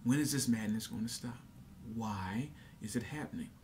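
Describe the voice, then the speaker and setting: A man's voice: mid-range voice, normal speed, darkish tone, slight background noise. A young man talking earnestly to his camera in a casual monologue, repeating himself with many fillers and restarts. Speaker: vlogger.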